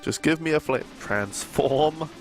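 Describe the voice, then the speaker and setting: A man from New Zealand with a New Zealand accent, chatting excitably and jokingly as he livestreams a game. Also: medium pitch. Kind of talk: live gameplay commentary.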